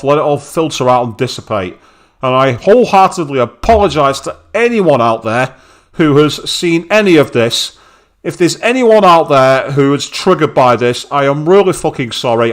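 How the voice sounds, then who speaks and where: A man, streaming a game live and speaking bluntly with heavy swearing and open anger. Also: medium pitch. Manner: angry, blunt, swears heavily. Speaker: let's play streamer.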